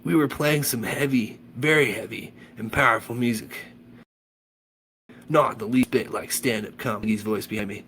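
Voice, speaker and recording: A man reading a children's novel aloud with animated enthusiasm, then chatting about the chapter. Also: medium pitch, moderate pace, a little hiss or hum. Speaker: audiobook reader.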